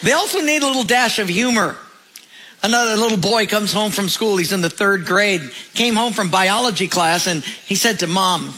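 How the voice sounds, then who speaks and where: A man preaching a sermon with a high, bright voice, telling stories in a lively way. He lets his voice fall low and soft at the close of key phrases. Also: moderate pace. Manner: storytelling, drops low and soft at phrase ends. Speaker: pastor.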